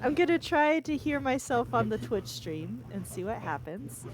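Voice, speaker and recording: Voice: medium pitch, big pitch swings, poor audio. A player in casual chat before a tabletop game, speaking hesitantly. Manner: slow, hesitant.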